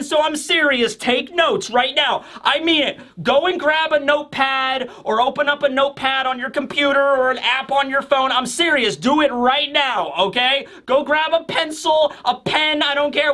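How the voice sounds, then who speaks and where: High, bright-voiced emphatic man. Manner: emphatic, insistent, joking. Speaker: manga review host. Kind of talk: casual commentary video.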